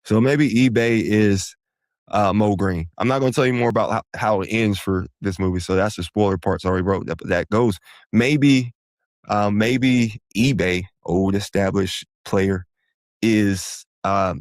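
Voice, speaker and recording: A man's voice: lowish voice, measured pace, no echo, studio quality. A man hosting a podcast, explaining money matters in a casual, rambling way that wanders off and corrects itself. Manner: rambling, digressive, self-correcting. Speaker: podcast host. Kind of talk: casual solo finance explainer.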